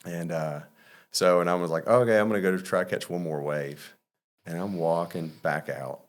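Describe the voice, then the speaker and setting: A low-pitched man from Mississippi, USA, speaks at normal speed as a podcast guest. He tells stories casually and loosely, rambling with lots of fillers and restarts.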